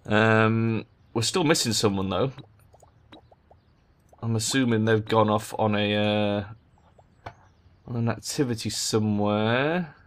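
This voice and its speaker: A man giving game commentary as a gaming video maker, exasperated and swearing a lot, breaking into loud rants. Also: fairly low pitch, slow pace, long pauses. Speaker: gaming YouTuber.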